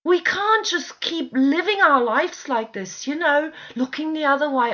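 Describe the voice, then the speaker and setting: A woman's voice: high voice, measured pace, few pauses, a bit bright. A woman at home in an impassioned, frustrated monologue to camera, pleading with listeners and swearing often. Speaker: video blogger. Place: at home with dogs nearby. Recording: dull lo-fi recording.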